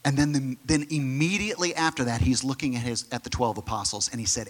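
A male pastor preaching a sermon, emphatic and conversational, who sometimes drops to a soft near-whisper on key phrases. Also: medium pitch, steady tone, fast. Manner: direct, conversational asides to the congregation.

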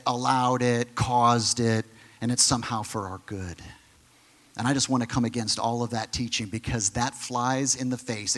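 A male pastor preaching a sermon, emphatic and conversational, who sometimes drops to a soft near-whisper on key phrases. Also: medium pitch. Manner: direct, conversational asides to the congregation.

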